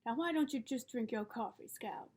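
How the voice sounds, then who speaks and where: A woman reading the part of a calm, wise middle-aged father, who speaks steadily and patiently. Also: on the high side, normal speed, slightly rough. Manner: steady, patient, gently reasoning.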